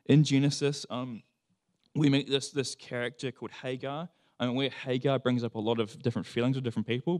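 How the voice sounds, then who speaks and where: A man preaching a sermon, reading scripture and then telling a story in a lively, conversational way, acting out quoted voices. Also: medium pitch.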